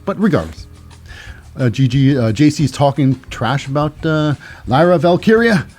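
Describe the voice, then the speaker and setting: A man's voice: fairly high pitch, animated, moderate pace, a little mellow, soft background music. A man hosting a solo podcast, recapping in a rambling, wry way with many restarts. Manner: rambling, restarts, dry asides. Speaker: podcast host.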